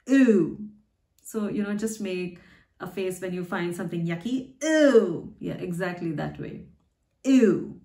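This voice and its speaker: This language teacher runs her own channel, and her mid-range voice has a slightly mellow quality. She goes slowly and carefully through letter pronunciation, patiently explaining with examples from daily life, recorded in an echoey room.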